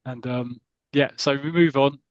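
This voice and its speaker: A man's voice: mid-range voice, measured pace, no room sound, muffled recording. A man hosting a podcast, animatedly retelling a comic strip and acting out its scenes. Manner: animated, acts out the story as he reads. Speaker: podcast host.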